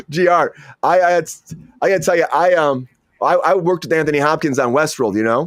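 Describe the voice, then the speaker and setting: A man hosting a casual entertainment news show, talking in a rambling way that is full of stammers and restarts. His voice sits fairly high, and the sound is dry and close with no room around it. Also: measured pace, no room sound. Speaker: show host.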